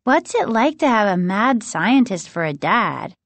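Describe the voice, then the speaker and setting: A blunt, gossipy preteen girl in a storybook, as a woman narrator puts her on. She talks slowly and plainly, recorded dry and close. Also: medium pitch, very animated, no room sound. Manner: blunt, confiding.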